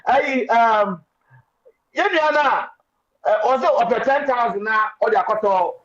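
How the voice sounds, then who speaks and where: A man with a Ghanaian accent speaking as a radio panelist, excitable and preachy, mixing Twi and English. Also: very high voice, slow pace. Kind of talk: animated talk radio discussion. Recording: dull lo-fi radio stream.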